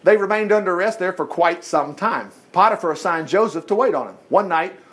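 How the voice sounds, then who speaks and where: A man's voice: high-pitched, lively intonation, a little fast, a bit bright. A man teaching a Bible study, reading scripture aloud and breaking in with folksy exclamations and rhetorical questions.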